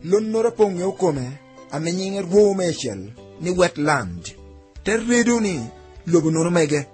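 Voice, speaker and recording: A man's voice: sits high, sing-song, measured pace, a little mellow, faint music behind. A man giving a rhythmic, declaiming recitation.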